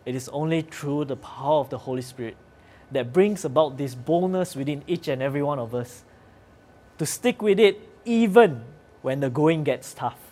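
A man's voice: on the high side, moderate pace, darkish tone. A man preaching a sermon in an earnest, conversational way, with occasional fillers.

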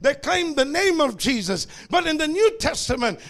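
A male pastor preaching a sermon, shouting calls for amen and dropping to quiet asides. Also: very high voice, very animated, normal speed, gravelly, hardly any pauses. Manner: shouting call-and-response preaching, swinging between loud and quiet asides.

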